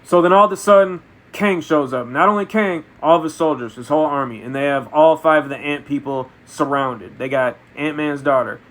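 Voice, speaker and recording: A man reviewing a film in a comedic, deadpan way, retelling absurd story events. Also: on the high side, brisk, few pauses. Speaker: movie reviewer. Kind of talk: comedic spoken movie review.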